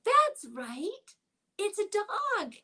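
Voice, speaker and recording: A young woman leading a toddler storytime, reading picture books and rhymes in a playful sing-song voice with soft hushed asides. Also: extremely high pitch, big pitch swings, extremely slow. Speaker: children's librarian.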